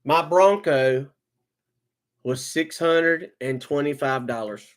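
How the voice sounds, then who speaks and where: A man's voice: a little high, takes it slowly. Furious man ranting on a live stream. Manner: heated, profane, repeats himself. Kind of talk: angry live-stream rant.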